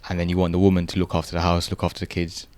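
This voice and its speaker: Deep-voiced man explaining. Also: completely flat delivery, rapid-fire, darkish tone, smooth. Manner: explains through long worked examples. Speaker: podcast co-host. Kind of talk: casual discussion.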